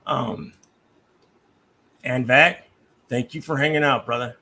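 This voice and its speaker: A man hosting his livestream, talking in an animated, rambling way and laughing often. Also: medium pitch, takes it slowly, vocal fry. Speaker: livestream host. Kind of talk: casual chat.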